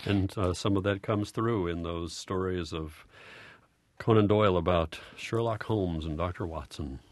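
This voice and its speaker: A man hosting an educational radio program, speaking in a measured, formal presenter's manner. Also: sits low, no room sound. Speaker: radio host.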